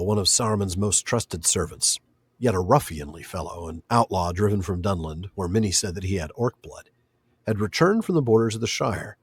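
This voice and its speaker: A man's voice: on the low side, husky, no room sound. A man co-hosting a podcast in a casual book discussion, reading passages aloud and laughing easily. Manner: animated, reads passages aloud, quick to laugh. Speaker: podcast co-host.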